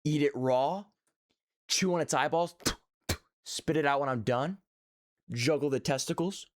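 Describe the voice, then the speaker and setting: A man's voice: on the high side, measured pace. A man streaming live, reacting to his old videos with joking, sarcastic, self-mocking commentary.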